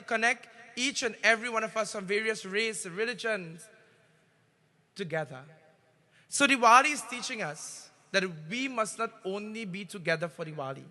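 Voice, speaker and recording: A man with a Trinidadian accent giving a devotional sermon as a pundit, telling a story and swelling louder on key phrases. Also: sits high.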